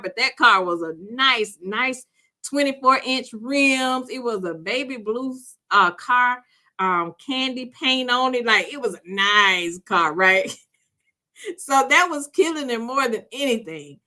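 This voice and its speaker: Animated chatty woman telling a story. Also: on the high side. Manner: animated, chatty, laughs often, addresses listener as girl. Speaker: podcast host. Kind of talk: casual storytelling to women listeners.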